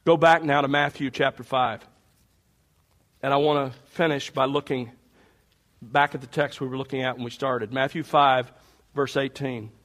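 A man's voice: medium pitch, moderate pace, long pauses. A man preaching a sermon, walking listeners through passages and speaking to the congregation directly. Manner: animated expository preaching, addressing the congregation directly.

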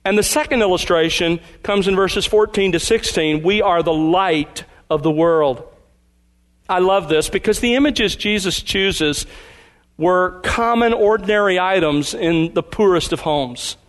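A man delivering a sermon in a fairly high voice. He preaches with emphasis, slowing down and stressing key words as he explains a passage. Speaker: pastor.

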